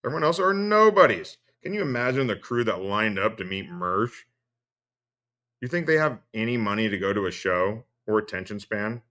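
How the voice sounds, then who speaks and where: A man's voice: on the low side, normal speed, fairly bright tone. A man hosting a stream, giving profane, sarcastic commentary and laughing often. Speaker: streamer host. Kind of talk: casual mocking commentary.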